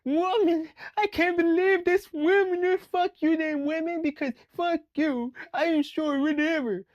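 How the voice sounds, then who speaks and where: A man doing a shrill, whining short guy, pitched far up and loud. He splutters and complains with no pause, and the sound is dry and close. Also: fairly even intonation, no echo, lo-fi sound. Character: whiny short man, ranting at women.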